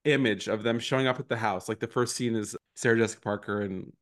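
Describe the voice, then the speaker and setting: A man's voice: lowish voice, fairly even intonation, fast talker. A man co-hosting a podcast in casual chat, self-deprecating and laughing often. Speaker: podcast co-host.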